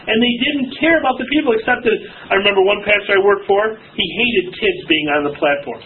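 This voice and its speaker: Pastor guy teaching bible study, high voice, keeps asking the class stuff, thin lo-fi sound. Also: a little fast. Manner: animated, jokey, asks the class questions. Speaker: associate pastor. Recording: tinny phone-like sound with faint hiss.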